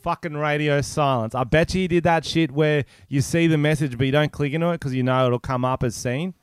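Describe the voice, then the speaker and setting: A young man with a New Zealand accent rambling through crude jokes and stories as a podcast co-host. His voice sits a little high and sounds smooth and clear. The sound is close and dry, with no room around it. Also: steady tone, a little fast, no room sound. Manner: joking, rambling storyteller. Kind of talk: crude casual podcast banter.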